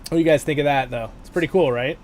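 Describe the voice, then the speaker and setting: A man's voice: fairly high pitch, racing, a little mellow, a little hiss or hum. Chatty man hosting a game livestream. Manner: chatty, rambling, self-correcting. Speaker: livestream host. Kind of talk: casual game livestream commentary.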